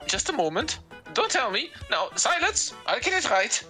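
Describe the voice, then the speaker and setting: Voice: medium pitch, big pitch swings, moderate pace, sharp tone, soft background music, pitched above the performer's own voice. A player voicing a forgetful, fussy old male professor who fumbles names. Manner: fussy, stammering, absent-minded.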